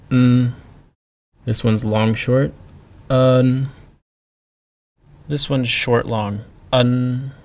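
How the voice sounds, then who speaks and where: Slow, deliberate man teaching pronunciation. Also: mid-range voice. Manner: slow, deliberate, repeats sounds for drill. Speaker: language teacher. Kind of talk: pronunciation lesson.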